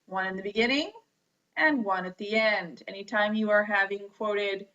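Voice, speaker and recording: A woman teaching a grammar lesson, reading out rules and examples deliberately and spelling words letter by letter. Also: mid-range voice, sharp tone. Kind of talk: slow classroom lecture on grammar. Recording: dull lo-fi recording.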